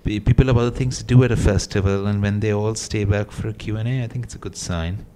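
A man from Mumbai, a film director answering interview questions in a measured way. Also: lowish voice, steady tone, warm tone, slight background noise. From India, Mumbai. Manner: measured, with frequent fillers and restarts.

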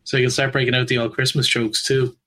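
A man cracking jokes on a podcast, popping into quick voices for the punchlines and laughing at his own gags. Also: medium pitch, little pitch movement, sharp tone. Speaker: podcast co-host. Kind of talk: telling jokes in casual chat.

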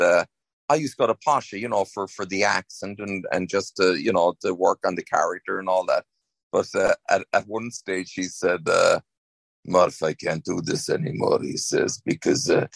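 Gravelly-voiced Irish man. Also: fairly low pitch, fairly bright tone, no room sound. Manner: rambling, many restarts. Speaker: actor, guest. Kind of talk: casual interview chat.

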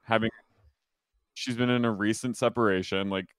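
A man's voice: on the low side, normal speed, clean tone, no room sound. A young adult man, chatting casually and acting out characters' lines. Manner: animated, acts out characters' lines in quotes. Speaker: podcast co-host. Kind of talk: casual chat recapping a TV episode.

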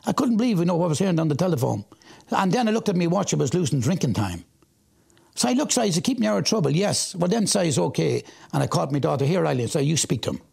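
An Irish man telling his life story in an interview, animated when he acts out what he said back then. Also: a little high, fast talker. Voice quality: gravelly and husky. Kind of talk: personal testimony.

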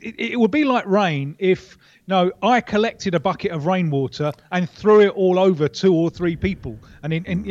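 Wry, high-voiced remote correspondent. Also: male voice, no room sound, muffled recording. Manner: animated, wry, many restarts. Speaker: foreign football correspondent. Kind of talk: radio interview.

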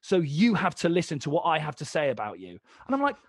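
A man's voice: fairly high pitch, quick pace, breathy edge, no room sound, clean studio sound. A young man, a comedian and presenter, chatting as a podcast guest and telling stories with plenty of swearing and acted-out dialogue. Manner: animated, swearing, acts out both sides of dialogues. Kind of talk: casual storytelling chat.

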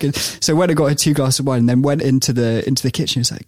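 A man's voice: medium pitch, fast talker, darkish tone, dry recording. Brief: male podcast storyteller, laughs a lot, close dry sound. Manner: storytelling, laughs often, many restarts. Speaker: podcast co-host telling a football story. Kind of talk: casual chat.

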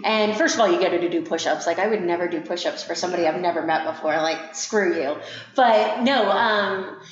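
A woman's voice: on the low side, brisk. A woman co-hosting a podcast in reflective, casual chat, laughing often. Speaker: podcast co-host. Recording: echoey room, dull lo-fi sound.

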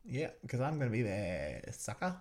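Guy riffing on a tv episode as he watches, teasing and giggly, regular middle pitch. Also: animated, moderate pace, a little mellow. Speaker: podcast host. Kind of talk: joking watch-along commentary.

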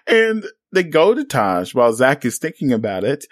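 A man co-hosting a podcast, casually recapping a reality show with animated storytelling. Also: mid-range voice, unhurried, no room sound, clean studio sound. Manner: animated storytelling, acts out quotes. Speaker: podcast co-host.

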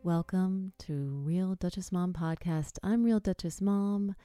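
A woman doing a smooth classical radio announcer. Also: lowish voice, steady tone, mellow, dry recording, faint music behind, close to an everyday voice. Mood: polished. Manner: slow, measured announcer delivery.

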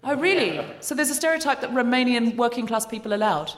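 A woman's voice: a little high, expressive, fast talker. A woman from Australia hosting a live comedy podcast, laughing and bantering with the audience. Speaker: podcast host. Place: old courtroom venue before a live audience. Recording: live hall with audience noise.

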